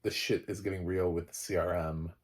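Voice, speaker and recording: A man's voice: low voice, steady tone, brisk. A man casually recapping a TV episode, rambling with lots of fillers and frequent laughter. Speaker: TV show reviewer.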